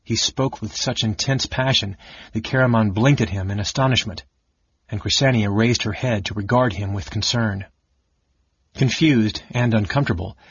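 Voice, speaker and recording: A man narrating a fantasy novel audiobook in an even, steady storytelling manner. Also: fairly low pitch, husky. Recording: dull lo-fi audiobook recording.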